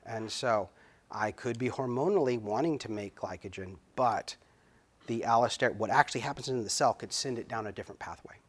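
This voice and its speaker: A middle-aged man giving a recorded biochemistry lecture, halting and filler-heavy, stretching out key words. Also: mid-range voice, breathy edge.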